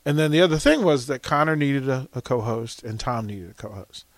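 A man's voice: mid-range voice, expressive, a little fast, no room sound. A middle-aged man hosting on radio, telling stories casually in a rambling way and laughing often. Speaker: radio host. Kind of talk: casual on-air chat. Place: radio studio. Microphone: studio microphone.

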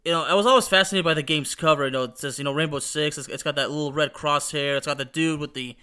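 Bright, clear-voiced rambling male podcaster. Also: a little high, steady tone, fast. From Texas. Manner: rambling, many restarts and "you know". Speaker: podcast host. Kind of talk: casual nostalgic monologue.

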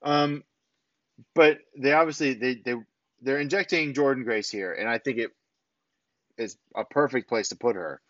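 A man's voice: mid-range voice, normal speed, pauses often, dry recording, dull audio. A man co-hosting a podcast, casually recapping a wrestling show and acting out what the wrestlers said. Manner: animated recapping, acts out quotes. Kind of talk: casual chat.

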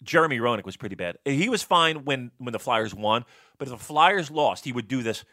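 A man who works as a radio sports reporter, telling stories and giving opinions in a blunt, profane, animated way. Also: medium pitch, a little fast, no room sound, studio quality. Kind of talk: casual podcast storytelling and opinion.

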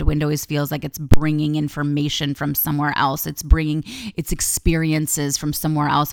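A woman who works as a life coach and podcast host tells a personal story in a candid monologue. She swears freely and talks with lively energy, her voice low-pitched and creaky.

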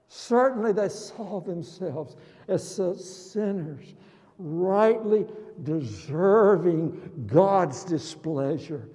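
A man preaching a sermon in a dramatic, emphatic way, slowing down on key words and breaking into sudden loud exclamations. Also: high-pitched, expressive. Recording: long reverb of a large hall.

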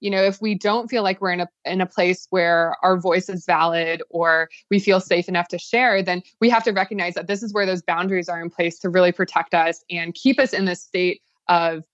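A woman guest on a podcast answers in long, measured sentences. Her voice sits on the lower side and comes through dull, lo-fi audio. The sound is dry, with no room echo. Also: fairly even intonation. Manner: measured, thoughtful, fluent explanations. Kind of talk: explaining in a podcast interview.

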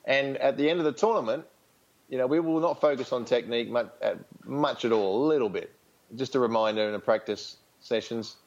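An Australian man in an interview, speaking frankly about coaching in a loose, rambling way full of fillers and false starts. His voice sits at an ordinary middle pitch. The recording is muffled and lo-fi. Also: fairly quick. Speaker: tennis coach, interview guest. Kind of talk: casual interview storytelling.

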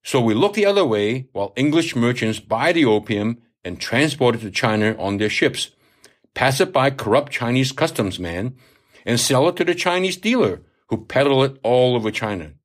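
A man's voice: medium pitch, big pitch swings, moderate pace, close to an everyday voice. A man reading aloud, voicing a crude, hard-drinking older male sea captain who swears and lectures. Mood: boastful. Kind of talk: audiobook reading.

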